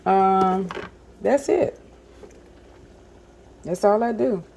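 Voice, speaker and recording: Speaking at medium pitch and a little slowly, a woman who vlogs home cooking talks to her viewers as "y'all" while she cooks in her kitchen. The chat is casual and chatty, packed with fillers.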